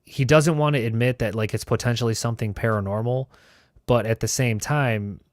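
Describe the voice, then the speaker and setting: A male host tells a story in a medium-pitched voice at a brisk clip, recorded with studio quality and no echo. His delivery is loose, casual and profane, packed with "like" and "you know."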